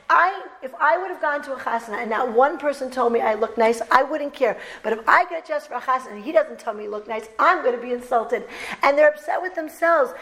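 Animated middle-aged woman, higher voice. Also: fast talker, rough recording. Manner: animated storytelling, acting out quotes with laughter. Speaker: bridal teacher and speaker. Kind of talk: talk to women.

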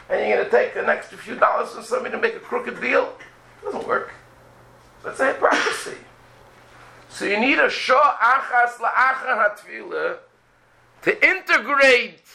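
A rabbi delivers a religious lecture in a high, heavily gravelly voice with a bright, tense edge. He fires off rhetorical questions and acts out prayers in his own voice. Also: low-quality recording.

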